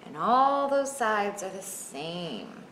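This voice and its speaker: A woman librarian reading a picture book aloud to children, expressive and asking them questions. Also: medium pitch, takes it slowly. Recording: echoey room, faint background noise.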